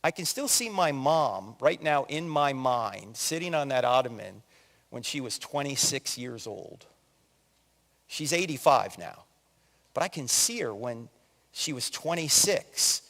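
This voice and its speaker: A man in his sixties from New Jersey giving an animated, joking story-driven talk as a conference speaker, acting out quotes in other voices. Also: mid-range voice, a little slow, creaky. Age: 60s. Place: large hall with audience. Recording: long hall reverb.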